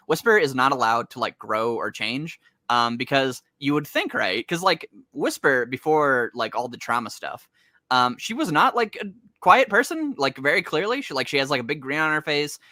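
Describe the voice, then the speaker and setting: A man's voice: medium pitch, very animated, normal speed, pushed and bright, dry recording. A young man co-hosting a casual chat about comics, rambling and laughing as he talks. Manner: rambling, laughing, self-interrupting. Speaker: podcast co-host.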